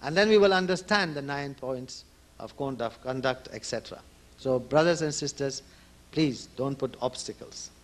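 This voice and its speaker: A man's voice: mid-range voice, moderate pace. A man addressing devotees at a conference as an organization leader, speaking earnestly and repeating key points for emphasis. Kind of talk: conference speech. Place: conference hall.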